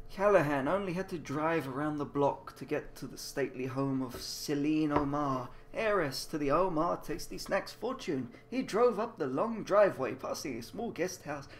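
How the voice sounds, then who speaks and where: A man's voice: on the high side, a little hiss or hum. A man reading a mystery game aloud with crude, confused, mocking asides. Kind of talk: casual game commentary.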